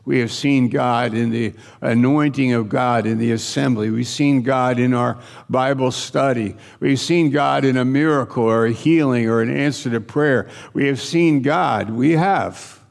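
A man's voice: medium pitch, measured pace, creaky, hardly any pauses, in a large hall. A man preaching a sermon in an earnest, conversational way, repeating his phrases for emphasis.

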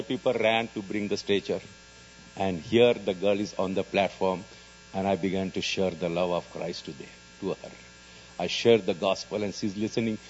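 A man with an Indian English accent tells his own testimony to a congregation, earnest and storytelling, lifting loud and high when the story turns dramatic. His voice sits somewhat low. The recording is dull and lo-fi, with a faint mains hum underneath. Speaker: evangelist preaching in jails.

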